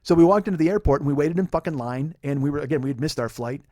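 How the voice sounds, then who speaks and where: A man's voice: fairly high pitch, very fast, warm tone, no echo, clean studio sound. A man in his forties hosting a podcast, telling a personal story in a heated, profane, rambling monologue. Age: 40s. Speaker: podcast host.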